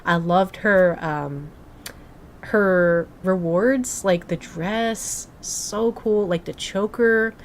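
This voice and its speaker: A woman's voice: medium pitch, very slow, slight background noise. Bubbly young woman streamer chatting. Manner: bubbly, gushing, filler-heavy. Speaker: game streamer. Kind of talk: casual live-stream chat.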